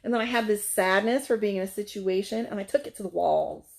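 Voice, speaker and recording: A woman who works as a life coach, telling a personal story from her couch in a blunt, profane and animated way. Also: mid-range voice, a little fast, creaky. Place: her living room, seated on a couch.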